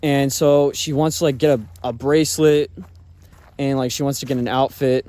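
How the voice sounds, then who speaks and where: A man's voice: mid-range voice, fairly even intonation, moderate pace, mellow, no echo. A man telling a personal story in a casual, rambling way, full of fillers and swearing. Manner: rambling, filler-heavy talk with frequent swearing.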